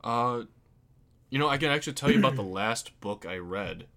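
Young guy, middle pitch voice, chatty podcast cohost who explains everything. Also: lively intonation, moderate pace, gravelly, bright, forceful tone. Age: young adult. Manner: chatty, explains things at length. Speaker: podcast co-host. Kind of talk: casual chat.

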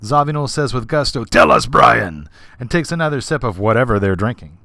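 A man hosts a podcast and tells a backstage anecdote with animated energy, slipping into voices for the people in the story. His speaking voice sits in a middle pitch. The recording is dry and close, with no room sound. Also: quick pace, no room sound. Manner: animated, with vivid character voices. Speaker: podcast host.

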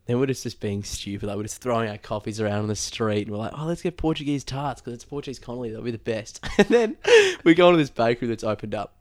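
Rambling low-voiced New man. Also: fast talker, few pauses. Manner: rambling, many likes and fillers, acts out quoted lines. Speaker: podcast host telling a story. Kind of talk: casual storytelling chat.

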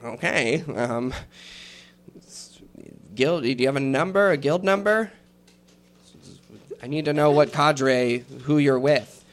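A man's voice: fairly high pitch, lively intonation, takes it slowly, long pauses, pitched above the performer's own voice. A man voicing a very short, officious gnome woman who works as a clerk, talking in a businesslike way and muttering while she looks things up. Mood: brisk.

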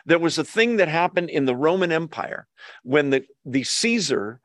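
An older male pastor delivers a sermon in a slightly high voice. He leans hard on repeated words and keeps asking his listeners questions. The sound is dry and close. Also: big pitch swings, moderate pace, dry recording. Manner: emphatic, asks the audience questions, repeats words for emphasis.

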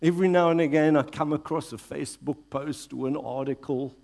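A man preaching a sermon, reading scripture aloud in a deliberate, dramatic way before leading a prayer. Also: on the high side, steady tone, creaky, darkish tone. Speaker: pastor.

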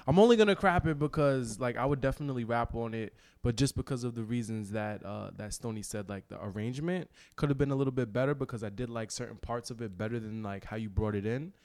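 A man's voice: mid-range voice, quick pace, few pauses, darkish tone. Rambling man critiquing beats. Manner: rambling, filler-heavy, emphatic. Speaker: podcast co-host and rapper. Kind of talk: casual beat critique.

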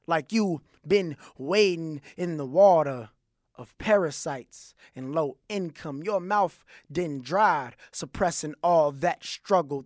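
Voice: mid-range voice, no room sound, studio quality. A poet performing spoken word verse with rhythmic, emphatic delivery.

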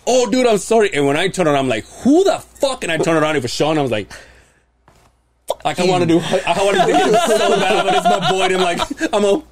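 A man's voice: high-pitched, fast. A young man hosting a podcast, telling stories in casual chat, swearing and laughing often. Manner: animated storyteller, swears and laughs a lot. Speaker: podcast host.

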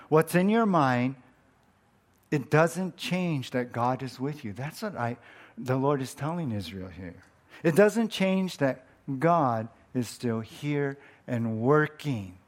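A man preaching a conversational sermon as a pastor, often repeating words and rising sharply when he quotes scripture. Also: on the high side. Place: church.

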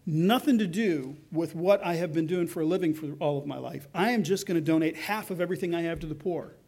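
A man's voice: a little high, fairly quick, darkish tone. A middle-aged male pastor preaching a sermon in a conversational way, acting out the voices he quotes.

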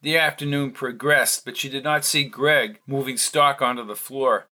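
A man's voice: mid-range voice, steady tone, normal speed, pushed and bright. Man narrating an audiobook. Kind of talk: scripted narration.

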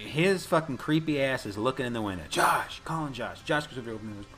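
A man's voice: medium pitch, rapid-fire, faint music behind. A man casually recapping a movie with a co-host, swearing and acting out the characters' lines. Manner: profane, animated retelling with quoted voices. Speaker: podcast co-host.

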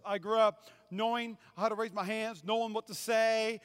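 High-voiced pastor preaching in a hall. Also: male voice, a little fast, clean tone. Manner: conversational, animated preaching with asides. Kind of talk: sermon. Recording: long reverb of a large hall.

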